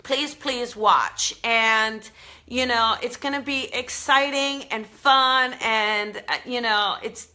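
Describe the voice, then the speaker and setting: A woman with a New Jersey accent hosts a casual live-streamed talk, chatty and earnest. Her voice sits a little high and sounds bright and forward. She talks with plenty of fillers and restarts. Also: steady tone, slow pace. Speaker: spiritual show host. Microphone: live stream camera mic.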